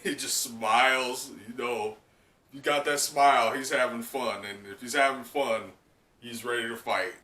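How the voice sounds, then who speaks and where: A man's voice: medium pitch, fairly even intonation, a little slow, sharp tone. A man hosting a live comic reaction, talking casually with laughs and many fillers. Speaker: host. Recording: echoey room, distant mic.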